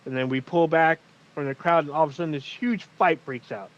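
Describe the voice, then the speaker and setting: A briskly speaking co-host with a voice on the high side goes through a TV episode in casual podcast chat. He swears a lot and acts out the characters' dialogue with animated energy, all captured in muffled, lo-fi sound.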